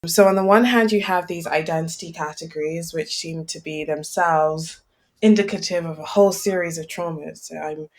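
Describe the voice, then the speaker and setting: A woman co-hosting a political podcast discussion, speaking in a measured, analytical way and often checking in with "right?". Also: low voice, fairly even intonation. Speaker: podcast co-host.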